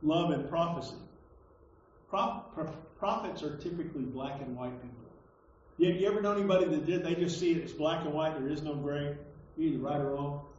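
A pastor preaching a conversational sermon, stumbling over and repeating words, then landing emphatic points. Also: male voice, on the high side, brisk, a little mellow, far from the mic, a little hiss or hum. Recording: echoey hall, dull lo-fi sound.

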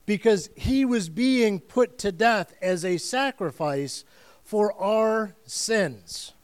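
A man's voice: high-pitched, expressive, slow, clear, resonant tone. A man preaching a sermon as pastor, telling the story in earnest and vivid detail and repeating phrases for weight.

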